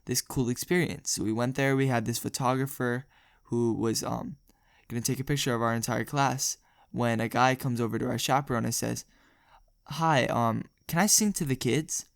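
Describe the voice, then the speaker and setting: Young male vlogger, gravelly voice, dry close sound, rambling storytime delivery. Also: mid-range voice, level tone, fairly quick, no room sound. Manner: rambling, jokey, laughs often. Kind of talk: casual storytelling.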